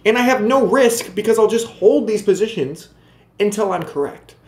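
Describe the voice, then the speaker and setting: Male channel host, ranting and emphatic, very animated pitch, echoey room. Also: normal speed. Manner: emphatic, repetitive, talks to viewers directly. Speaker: crypto video host. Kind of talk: ranting video commentary.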